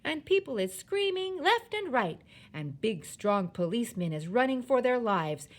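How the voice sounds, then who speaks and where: A woman reading aloud, voicing an excited, boastful young boy who tells his dream in broken grammar. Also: on the high side, normal speed, pitched above the performer's own voice.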